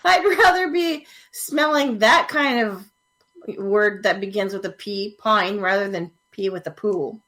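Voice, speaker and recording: A woman's voice: mid-range voice, unhurried, fairly bright tone. A woman co-hosting a casual comedy chat who asks eager questions and laughs often. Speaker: podcast co-host.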